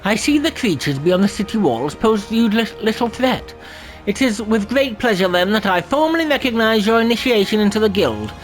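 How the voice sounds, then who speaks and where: A man voicing a stately male magic guild master in formal, measured speech. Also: high-pitched, big pitch swings, faint music behind, pitched above the performer's own voice, poor audio.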